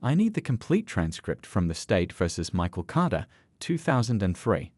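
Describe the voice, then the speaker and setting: A weary, driven woman lawyer , as a male narrator reads her lines in a story. The voice sits fairly low and moves with lively pitch, with no effort to sound like someone else. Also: moderate pace, no room sound. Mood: urgent. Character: determined woman public defender, tired.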